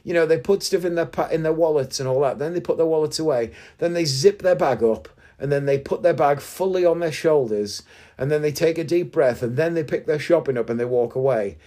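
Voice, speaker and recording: Guy having a sarcastic rant, voice a bit on the high side. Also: brisk, warm tone. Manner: indignant, sarcastic ranting. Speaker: podcast host. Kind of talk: casual monologue storytelling.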